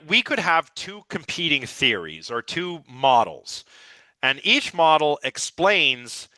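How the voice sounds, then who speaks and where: A man's voice: medium pitch, sharp tone, no room sound. A man lecturing a live philosophy class with eager, rambling enthusiasm, his voice a little scratchy. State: slightly scratchy voice.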